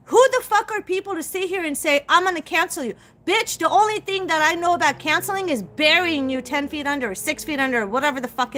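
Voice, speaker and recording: A middle-aged woman with a high, bright, forceful voice rants to her viewers on a live stream. She is blunt and profane and leans hard on her emphasis as she talks straight at them. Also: slight background noise. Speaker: psychic livestream host.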